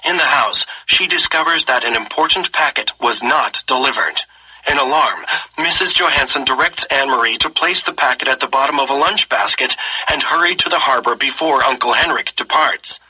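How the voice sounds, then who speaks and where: Bright, husky man reading a story. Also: mid-range voice, moderate pace, rough recording. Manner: expressive reading, slipping into character voices. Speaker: story reader. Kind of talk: reading a story aloud with lesson questions.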